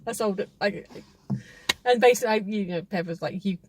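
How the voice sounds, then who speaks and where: A woman's voice: medium pitch, fast, a little mellow, slight background noise. A woman hosting a casual film review chat, rambling and chatty with frequent laughs. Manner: rambling, chatty, laughs often, many restarts.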